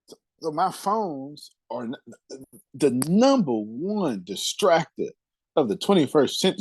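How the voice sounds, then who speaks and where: A man hosting a lively group talk, emphatic and animated, repeating his points and laughing often. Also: fairly high pitch, a little slow, slightly rough, no room sound, rough recording. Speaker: host and coach.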